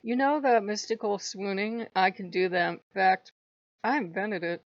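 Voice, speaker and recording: A woman voicing a charming male god who speaks as a smooth, coaxing suitor. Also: medium pitch, moderate pace, no room sound, muffled recording, natural voice.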